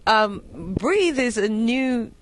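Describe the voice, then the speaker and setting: A woman from London with a British accent, a singer and poet answering interview questions in a reflective, unhurried way with many pauses and restarts. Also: on the high side, expressive, a little hiss or hum. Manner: reflective, hesitant with fillers and restarts. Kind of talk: relaxed interview conversation.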